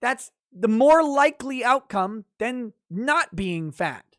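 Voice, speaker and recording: A man's voice: extremely high pitch, expressive, takes it slowly, a bit bright, dry recording, clean studio sound. A man hosting a casual livestream, reading chat messages and mocking an article with sardonic, profane commentary. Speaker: livestream host.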